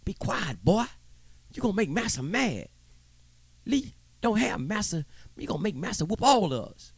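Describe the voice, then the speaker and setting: A man voicing a fearful, timid man who pleads with others to keep quiet, in an anxious, hushed way. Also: high-pitched, big pitch swings, moderate pace, creaky, breathy edge, no echo, voice pushed up, exaggerated voice. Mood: fearful pleading.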